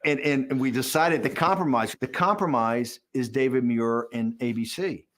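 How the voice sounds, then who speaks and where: A man being interviewed, telling a behind-the-scenes story in an animated way, with lots of restarts and repeated words. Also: mid-range voice. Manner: rapid, animated storyteller, acting out quotes and chuckling. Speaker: interviewee, political strategist.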